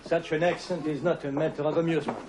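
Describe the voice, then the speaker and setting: A man's voice: fairly high pitch, fairly even intonation, fast talker, natural voice. An actor playing a fussy, pedantic male teacher, speaking in a precise, mannered way. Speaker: French teacher. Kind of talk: period film acting. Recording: hissy old film soundtrack.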